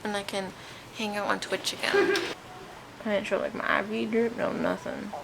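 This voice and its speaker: A woman's voice: mid-range voice, fairly even intonation, moderate pace, gravelly, very noisy. A young woman vlogging in casual chat from a hospital room while recovering from oral surgery, chatty and laughing often.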